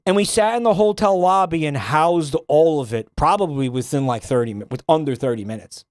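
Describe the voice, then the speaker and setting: A man's voice: a little high, fairly quick, darkish tone, no echo, studio quality. A man streaming, chatting casually and swearing freely, often breaking into laughter. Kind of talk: casual chat reacting to a game.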